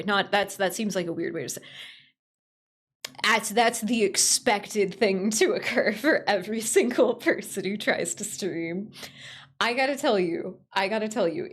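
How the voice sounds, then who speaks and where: Giggly young woman streamer chatting. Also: breathy edge. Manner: giggly, rambling, with sudden jumps in pitch. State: strained voice from overuse. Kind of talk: casual live-stream chat.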